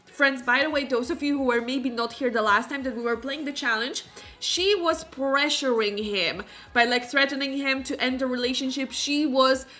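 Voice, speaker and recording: Woman streamer, higher-pitched, gabbing excitedly over gameplay with faint background music. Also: moderate pace. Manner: chatty, exclamatory, many fillers. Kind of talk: casual gameplay commentary. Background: faint game music.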